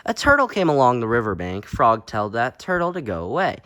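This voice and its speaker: A man reading a children's storybook aloud as narrator, in a gentle, expressive voice. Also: medium pitch, brisk, no room sound.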